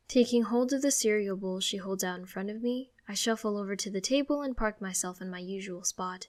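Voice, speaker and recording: A woman's voice: mid-range voice, brisk, few pauses, darkish tone. Woman narrating a first-person audiobook.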